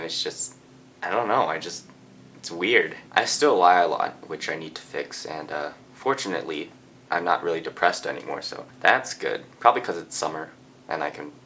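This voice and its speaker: A soft-spoken Japanese teenage boy with a low-pitched voice tells a personal story indoors as a vlogger. His telling is rambling and casual, packed with fillers and restarts. Slight background noise can be heard.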